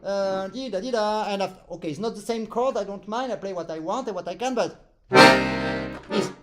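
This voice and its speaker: Playful accordion teacher. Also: male voice, sits high, brisk, loud music behind the voice. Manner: playful, teasing, sings phrases aloud. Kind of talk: live online lesson chat.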